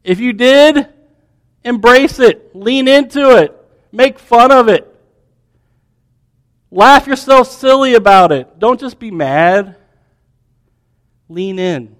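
A man preaching a sermon, building questions in a row and dropping to a soft hush. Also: very high voice, takes it slowly, pauses often. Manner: animated storytelling preacher, dropping to soft hushed tones.

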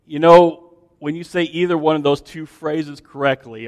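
A man with a high voice preaches in a church, his words trailing off into a long hall reverb. He talks casually and animatedly, addressing the congregation with frequent restarts and asides. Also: moderate pace, darkish tone. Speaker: pastor. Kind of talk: sermon.

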